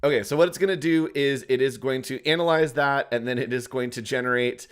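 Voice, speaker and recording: A man co-hosting a software tutorial livestream, chatting casually and rambling as he talks to the viewers. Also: medium pitch, a little fast, clean tone. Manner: chatty, rambling, addresses the chat.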